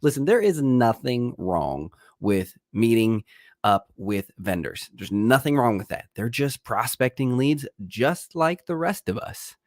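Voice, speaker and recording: A man's voice: mid-range voice, expressive, unhurried, dry recording, studio quality. A man who is a real estate agent and coach, slightly sick, talking to camera in an upbeat, emphatic way with an American accent. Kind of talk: energetic vlog talk to camera.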